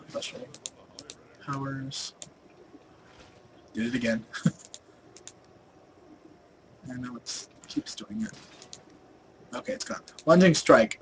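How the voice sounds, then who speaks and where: A young man narrates a game guide in a loose, rambling way, filling gaps with ums and restarting his sentences. His voice sits at an ordinary mid pitch and swings between louder and quieter stretches. Faint game ambience hums underneath. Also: a little hiss or hum, poor audio. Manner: rambling, many fillers and restarts; volume rises and falls a lot. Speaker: gaming video host. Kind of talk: casual game guide voice-over.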